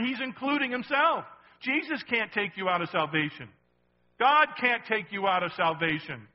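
A man preaching a sermon in a lively, conversational way, asking the congregation questions as he goes. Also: sits high, moderate pace, highs cut off. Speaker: pastor.

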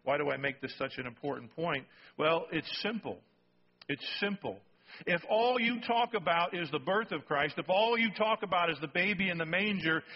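Husky-voiced male pastor preaching. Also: on the high side. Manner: emphatic, repeats key phrases, asks the congregation "okay?". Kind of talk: sermon. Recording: dull recording in a reverberant hall.

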